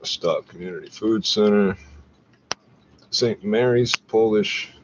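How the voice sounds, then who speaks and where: Low-voiced man, profane rambling rant. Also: takes it slowly, muffled recording, noisy background. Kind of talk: rambling screen-share rant.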